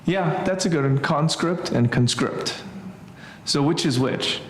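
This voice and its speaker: A man teaching a relaxed church Greek class, thinking aloud with many fillers and restarts. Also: on the high side, moderate pace, roomy sound, a little hiss or hum. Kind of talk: informal church class lesson.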